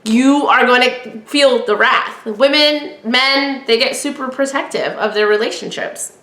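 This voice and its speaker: A woman hosts a casual solo podcast, chatty and opinionated as she acts out old conversations. Her voice sits a little high and sounds bright. The room gives it a noticeable echo. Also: unhurried. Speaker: podcast host.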